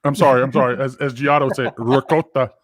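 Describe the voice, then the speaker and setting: A man's voice: mid-range voice, flat delivery, racing, a bit bright, no echo. A man co-hosting a podcast, telling a story in a rambling, profane way with lots of fillers. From Georgia, US. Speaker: podcast co-host. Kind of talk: casual chat.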